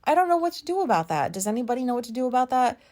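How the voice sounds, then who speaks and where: A woman's voice: a little high, big pitch swings, very fast, a little mellow. Candid woman in her forties, rambling. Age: 40s. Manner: self-conscious, rambling, swears freely. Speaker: podcast host. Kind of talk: candid personal monologue.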